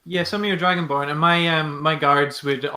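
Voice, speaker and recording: A man's voice: on the high side, fairly even intonation, normal speed, sharp tone, slight background noise. A man playing in a tabletop role-playing game, chatting casually, hesitant and laughing between remarks. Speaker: player. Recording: roomy echo.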